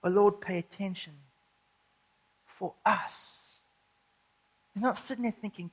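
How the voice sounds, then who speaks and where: A woman preaching a sermon, earnest, building to urgent emphasis and slowing down when reading scripture. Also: medium pitch, husky, rough recording.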